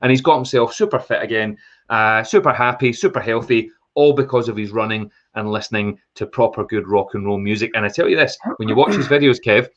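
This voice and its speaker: A man co-hosting a podcast, telling a story in an excitable, enthusiastic casual chat over a remote call. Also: fairly low pitch, a little fast, muffled recording. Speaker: podcast co-host.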